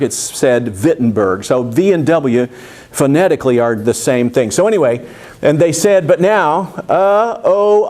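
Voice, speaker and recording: A man leads a Bible lesson in a church classroom, talking plainly at a middle pitch. He explains step by step and often pauses on fillers and restarts his sentences. The delivery is loose and unscripted, like a teacher talking to a small group. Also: a little mellow.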